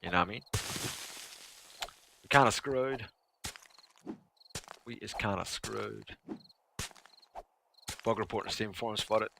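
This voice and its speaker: A man casually chatting and joking while livestreaming a survival game, rambling between low mutters and loud exclamations. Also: slow, creaky, pauses often, noisy background. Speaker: gaming livestreamer. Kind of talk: casual let's-play commentary.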